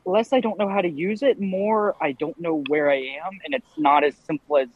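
A man's voice: high voice, fairly even intonation, a little fast, husky, narrow, tinny audio. A man playing his character in a tabletop game, hesitant and full of fillers. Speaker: player. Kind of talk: casual in-character play.

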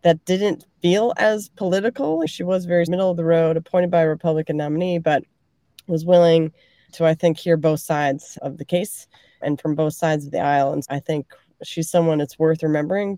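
A woman panelist on a roundtable podcast, speaking in a thoughtful, measured way. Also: low voice, dark tone, no room sound, clean studio sound. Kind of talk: casual roundtable podcast chat.

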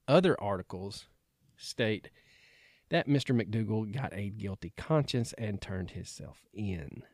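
A man's voice: fairly low pitch, no room sound. A man co-hosting a podcast, reading out facts in casual chat and slipping in dry wisecracks. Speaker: podcast co-host.

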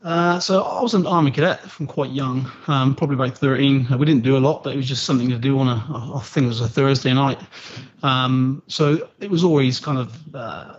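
A man's voice: mid-range voice, brisk, slightly rough, muffled recording. A man in his forties from Southwest England with a West Country accent tinged by an Australian twang, a retired soldier speaking as a guest in a laid-back, easygoing way. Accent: West Country English with an Australian twang. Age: 40s. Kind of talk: casual interview.

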